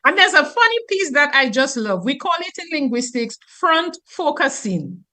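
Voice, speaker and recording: A woman teacher from Dominica, talking on the radio in an animated, explanatory way. Her voice is fairly high and bright, and her pitch swings widely from phrase to phrase. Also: moderate pace. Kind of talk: radio talk explaining grammar.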